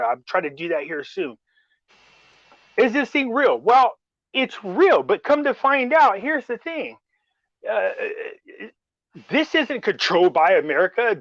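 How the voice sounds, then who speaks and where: A man's voice: sits high, fairly bright tone, no echo, lo-fi sound. A man chatting casually as host, rambling through a story and acting out what others said. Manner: rambling storyteller, acts out quoted dialogue. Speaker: show host. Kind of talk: casual chat.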